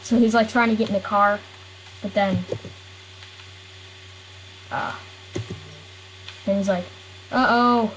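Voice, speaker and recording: Woman storyteller, giggly and rambling, improvised silly yarn, middle pitch. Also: steady tone, slow, pauses often, slight background noise, poor audio. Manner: rambling, giggly, keeps interrupting herself.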